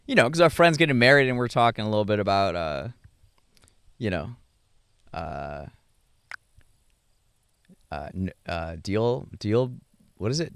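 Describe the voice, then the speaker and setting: A young adult man hosting a podcast, talking through his thoughts in a rambling, halting way with many fillers and restarts. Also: mid-range voice, a bit bright, clean tone, dry recording, clean studio sound. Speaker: podcast host. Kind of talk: casual reflective monologue.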